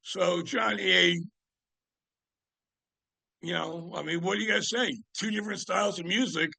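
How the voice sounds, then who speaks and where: An older man in his seventies spins loose, meandering stories as a podcast guest, stopping and restarting his sentences often. His voice is gravelly but bright and slightly high. The sound is dry and close, with no room around it. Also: normal speed, no echo. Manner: rambling, with many fillers and restarts. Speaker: guest, music writer. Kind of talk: casual anecdotal storytelling.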